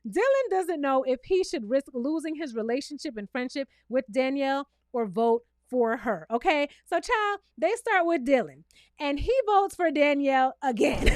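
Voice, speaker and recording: A woman vlogger giving a sassy, animated recap of a reality TV episode and talking straight to her viewers. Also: sits high, normal speed, no room sound, studio quality. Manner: acts out cast members' lines in playful voices.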